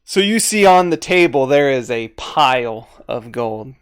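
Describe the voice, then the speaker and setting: A man's voice: medium pitch, animated, unhurried, clear, resonant tone, dry recording, clean studio sound. A man running a tabletop game as game master, narrating easily and laughing often.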